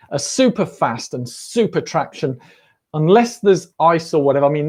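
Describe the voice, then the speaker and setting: A man's voice: on the high side, a little mellow. Man, middle-aged, casual livestream chat, jokey, talks to viewers at home. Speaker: running channel host. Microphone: camera on a livestream.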